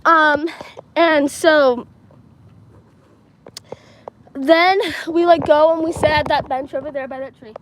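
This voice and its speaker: A woman's voice: high voice, steady tone, slow, pauses often, slight background noise, poor audio. Chatty teen girl livestreaming outdoors. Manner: chatty, rambling, full of "like" and "um". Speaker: livestreaming vlogger. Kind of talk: casual storytelling livestream. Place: outdoors at a school field and playground. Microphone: handheld phone.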